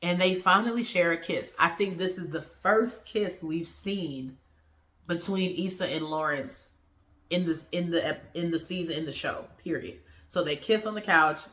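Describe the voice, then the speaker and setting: A woman's voice: fairly low pitch, normal speed. Chatty woman reviewing TV in a roomy space. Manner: animated, slangy, acts out the characters' lines. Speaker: TV episode reviewer. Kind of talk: casual review vlog.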